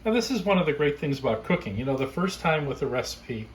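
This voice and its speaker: A man hosting a casual cooking demonstration, explaining each step in a relaxed, chatty way from his home kitchen. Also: fairly high pitch, fast, slight background noise, poor audio. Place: backyard garden, then home kitchen.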